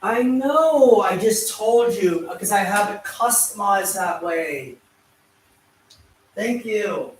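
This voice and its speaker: Roomy, distant man with a high voice. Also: animated, takes it slowly. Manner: repeats words, pleads over and over, grand wording. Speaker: YouTube vlogger. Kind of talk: self-narrated vlog, arguing off camera. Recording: roomy sound, mic far from the speaker.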